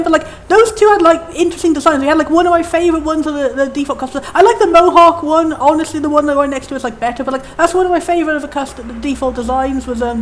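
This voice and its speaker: A young woman giving chatty, enthusiastic and opinionated commentary as she plays a game. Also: high voice. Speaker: let's play host.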